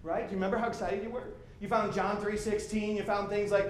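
High-voiced, animated preacher in an echoey church. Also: male voice, fast, few pauses, slight background noise. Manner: animated, conversational preaching with repetitions. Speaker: pastor. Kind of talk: sermon. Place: church sanctuary.

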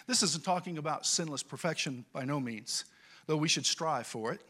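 A middle-aged man from California preaching a sermon and telling a childhood story, swinging from quiet to loud as he goes. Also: a little high, normal speed. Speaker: pastor.

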